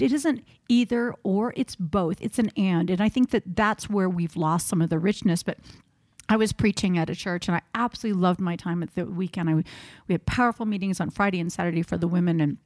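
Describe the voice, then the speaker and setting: Middle-aged woman chatting on a podcast, animated storyteller, dry close mic. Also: medium pitch, fairly quick, no room sound. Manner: animated storyteller, acts out quoted exchanges. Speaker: preacher and podcast co-host. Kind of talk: casual conversation.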